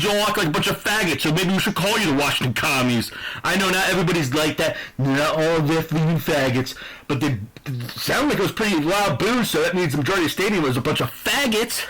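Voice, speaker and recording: A man's voice: sits high, a little fast, pushed and bright, rough recording. A man from New Jersey hosting a sports picks channel, ranting in a profane, aggressive, heated way. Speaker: YouTube sports channel host.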